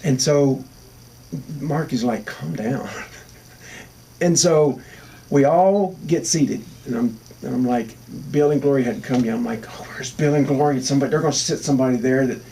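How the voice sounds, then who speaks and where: A man's voice: medium pitch, moderate pace, dark tone, distant mic. A man telling a funny road story in a casual interview, acting out the quoted lines.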